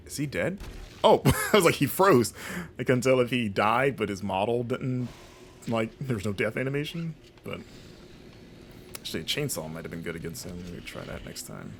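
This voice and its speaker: A man from Florida with a non-regional American accent, chatting casually while streaming gameplay and reacting out loud to what happens. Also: mid-range voice, lively intonation, moderate pace, slight background noise. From Florida, USA. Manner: chatty, rambling, reacts aloud to the game.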